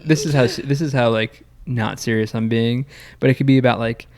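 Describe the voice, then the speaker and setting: A young man with a voice of ordinary middle pitch co-hosts a casual podcast. He talks in a relaxed, rambling way and leans on filler words. He stays easygoing as he explains his point. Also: brisk. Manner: laid-back, rambling, heavy on fillers like "like". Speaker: podcast co-host. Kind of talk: casual chat.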